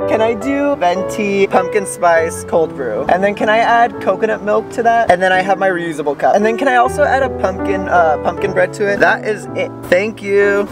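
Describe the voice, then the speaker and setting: Excitable high-voiced young man vlogging. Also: moderate pace, hardly any pauses, music in the background. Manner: gushing, dramatic, easily excited. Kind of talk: casual vlog chat. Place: parked car at a drive-thru.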